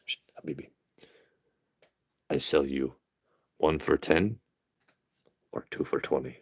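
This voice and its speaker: A man voicing a haggling male liquor store owner in a low, hushed, wheedling way. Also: takes it slowly, slightly rough, no room sound, clean studio sound, exaggerated voice.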